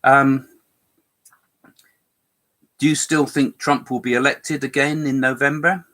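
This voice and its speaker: A man's voice: medium pitch, little pitch movement, slow pace, pushed and bright. An older man co-hosting a live chat, talking in a rambling way with many fillers and restarts, with a slight cough. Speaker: co-host medium.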